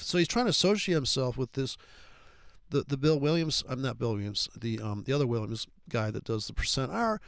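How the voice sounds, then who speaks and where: A man's voice: mid-range voice, animated, a little fast, vocal fry, fairly bright tone, no room sound. A man in casual chat, rambling and profane with frequent stumbling restarts.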